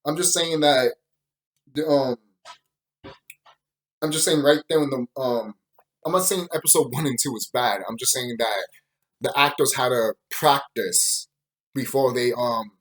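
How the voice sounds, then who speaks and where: A man's voice: mid-range voice, unhurried, long pauses, low-quality recording. A man giving a casual, profane opinion commentary on a show, ranting with bursts of laughter. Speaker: YouTube show reviewer.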